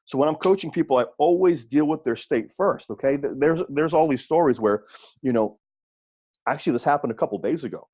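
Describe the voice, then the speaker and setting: A man giving an audio coaching seminar, repeating his points and checking in with listeners through quick rhetorical questions. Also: a little high, lively intonation, a little mellow, husky. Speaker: wrestling coach.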